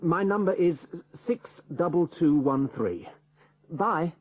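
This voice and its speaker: A man's voice: a little high, animated, slow, a little mellow, no echo. An actor playing a man leaving a casual, hesitant answer-phone message, in a scripted textbook recording.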